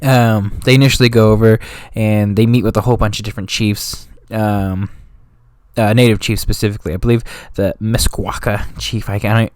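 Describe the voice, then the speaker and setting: A man's voice: on the low side, fairly even intonation, normal speed, a little mellow, no echo, studio quality. A man casually explaining history as a channel host, in a slangy, rambling way with frequent self-corrections. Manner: slangy and offhand, drifting into street talk.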